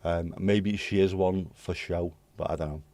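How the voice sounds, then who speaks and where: In a warm, low voice at a normal, steady pace, this British livestream host casually works through his chat, cracking jokes and swearing cheekily. There's no echo on the audio.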